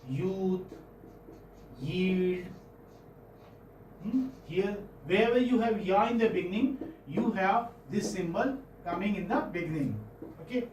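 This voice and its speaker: A man's voice: high-pitched, darkish tone. A man with an Indian English accent teaching phonetics in a classroom, often repeating words and checking with his students. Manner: pauses often, repeats words, checks understanding with "hmm?" and "okay?". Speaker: English professor. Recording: echoey room from far off, faint noise.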